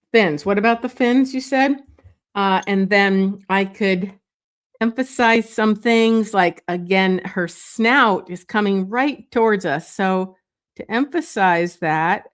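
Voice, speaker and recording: A woman slowly talks through a drawing as she makes it, in an unhurried, unpolished way. She muses aloud, restarts sentences and adds small asides to her viewers. The tone is easygoing, like a teacher sketching beside you. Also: medium pitch. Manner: thinks aloud while drawing, meandering and self-correcting; relaxed and chatty, with light laughs. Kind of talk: live drawing demonstration.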